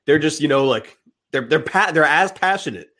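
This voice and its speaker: A man's voice: fairly high pitch, lively intonation, normal speed, sharp tone. A young man speaking as an interview guest, fired-up and emphatic, with some swearing. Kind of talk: impassioned interview talk.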